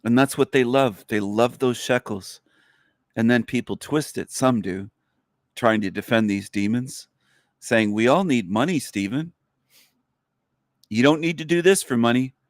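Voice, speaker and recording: A man's voice: moderate pace, dry recording. Angry ranting man, dry close sound. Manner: angry, profane, repetitive, pitch climbing when worked up. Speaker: livestream host. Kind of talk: ranting livestream monologue.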